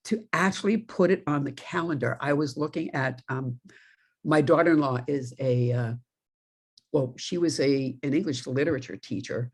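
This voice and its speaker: A woman's voice: rumbling low, normal speed, breathy edge. A middle-aged woman minister from New York giving a conversational sermon, telling stories with laughing asides. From New York, USA.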